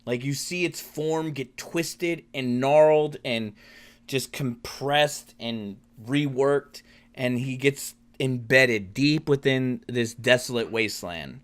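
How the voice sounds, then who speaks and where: A man's voice: mid-range voice, slow pace. A man narrating as game master of a tabletop role-playing game, rambling with many restarts and fillers.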